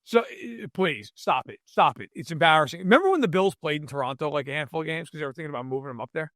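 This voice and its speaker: A man's voice: on the high side, expressive, quick pace, a bit bright, no room sound, clean studio sound. A man co-hosting a podcast, ranting in mock outrage over sports in casual chat. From New York state. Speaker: podcast co-host.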